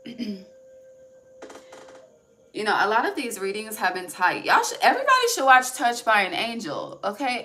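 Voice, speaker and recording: A woman's voice: fairly low pitch, pushed and bright. A woman giving a casual, rambling tarot reading, laughing often and trailing off mid-sentence. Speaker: tarot reader.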